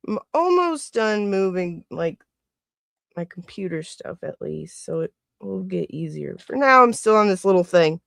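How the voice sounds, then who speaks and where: A woman's voice: on the low side, sing-song, a little slow, vocal fry, no room sound, studio quality. A woman hosting a casual livestream, chatting and laughing often as she greets viewers by name. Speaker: livestream host.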